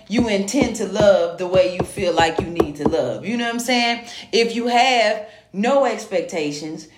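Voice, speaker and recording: A woman's voice: mid-range voice, echoey room. A woman hosting a podcast, talking frankly and with a lot of swearing, checking in with her listeners over and over. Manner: frank, animated, keeps saying "you know what I'm saying". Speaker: podcast host. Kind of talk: casual profane monologue.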